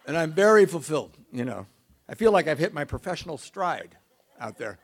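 A middle-aged man with a fairly high voice tells a self-mocking story to a room of listeners. He talks animatedly, swinging between low, quiet asides and loud, excited bursts. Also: fairly quick. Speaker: speaker sharing recovery story. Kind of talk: storytelling talk to an audience.

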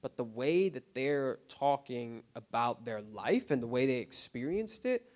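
A man of middle pitch speaks openly about his recovery at a group meeting, in a plain, unpolished testimony. His delivery is halting and filled with "like" and "right?", restarting his sentences as he searches for words. He keeps a low, subdued volume that turns earnest. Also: animated, darkish tone. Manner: halting, full of "like" and "you know what I mean", with restarts. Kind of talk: personal testimony, casual and unscripted.

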